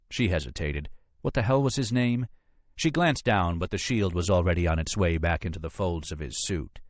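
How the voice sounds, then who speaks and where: A man reading a thriller audiobook in measured, expressive scripted narration. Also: sits low, dry recording.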